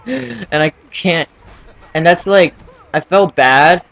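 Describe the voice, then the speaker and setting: A man's voice: high-pitched, animated, very slow, gravelly, long pauses, a bit bright. A teenage boy casually telling a story from school, rambling with many fillers and restarts. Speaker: vlogger.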